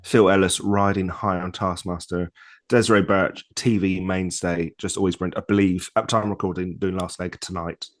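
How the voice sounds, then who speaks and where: Man, 30s, deep low voice, podcast co-host, casual chat, enthusiastic. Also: little pitch movement, moderate pace.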